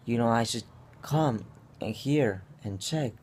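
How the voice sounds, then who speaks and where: A man's voice: mid-range voice, takes it slowly, darkish tone, breathy edge. A man telling a stressed personal story in a casual vlog, rambling with many fillers and restarts. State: stressed and upset. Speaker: vlogger.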